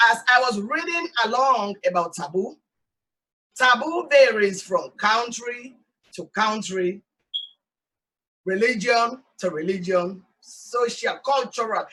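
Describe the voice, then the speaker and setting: A woman from Sierra Leone with a Sierra Leonean accent, hosting an animated, emphatic talk monologue outdoors. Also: mid-range voice, distant mic, low-quality recording. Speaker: host. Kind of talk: casual talk show monologue. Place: outdoors in hot sun.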